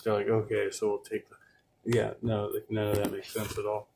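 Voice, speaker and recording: Low-voiced casual male streamer. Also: completely flat delivery, a little fast, gravelly, a little mellow, a little hiss or hum. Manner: loose, conversational, with fillers and mild swearing. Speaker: livestream host reacting to clips. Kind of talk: casual commentary.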